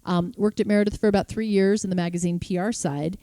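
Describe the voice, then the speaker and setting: A woman's voice: medium pitch, quick pace, no room sound. A woman, a magazine founder chatting enthusiastically as an interview guest in a conference room. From Chicago, USA. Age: 50s. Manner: enthusiastic, storytelling, animated asides. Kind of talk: conversational interview.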